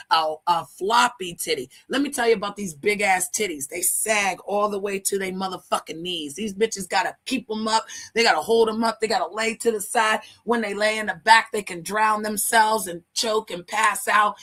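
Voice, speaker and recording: A woman hosts her own stream in a casual, profane style. She mocks and roasts with crude humor, breaking into laughs. Her voice sits at an ordinary middle pitch. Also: a bit bright. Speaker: livestream host.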